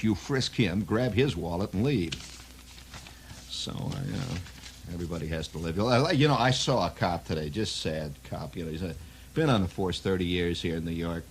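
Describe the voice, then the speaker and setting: A middle-aged man with a low voice spins a rambling radio monologue. He is wry and digressive, chuckling at his own jokes, and faint noise sits under him. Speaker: radio host.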